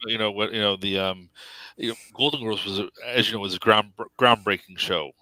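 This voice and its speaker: A man's voice: fairly low pitch, brisk, sharp tone, no echo, rough recording. A man talking casually as a podcast guest, chatty and agreeable with some fillers. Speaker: guest, caucus president. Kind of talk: casual conversation.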